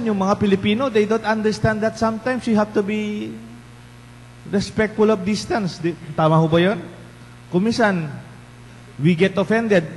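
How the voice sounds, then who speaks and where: A man with a Filipino accent, a parish priest giving a conversational homily and putting rhetorical questions to the congregation. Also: sits high. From Philippines. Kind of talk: bilingual homily. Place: large church. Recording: long church reverb, faint hum.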